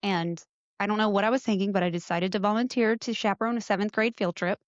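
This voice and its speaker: A middle-aged woman hosting a podcast, telling stories in an animated way with lively quoted asides. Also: medium pitch, fast, dry recording. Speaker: podcast host. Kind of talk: casual chat. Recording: dull lo-fi sound.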